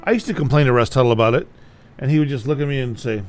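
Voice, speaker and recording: A man at a middling pitch teaches guitar in a loose, casual way, blunt and unpolished in how he talks. He hammers the same phrase over and over on purpose. A guitar plays faintly behind him. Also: very fast. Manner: blunt, repetitive, plain-spoken. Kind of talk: casual video lesson.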